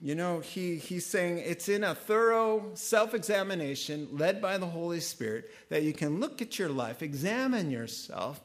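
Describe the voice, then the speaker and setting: Man, pastor, preaching a sermon, fairly high voice, very lively pitch, sudden quiet drops. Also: moderate pace, few pauses.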